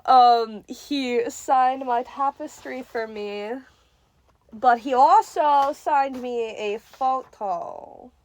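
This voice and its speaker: A young woman telling a casual story-time vlog, excitable and giggly and swearing freely. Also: high voice, drawn-out words, dry recording. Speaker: vlogger.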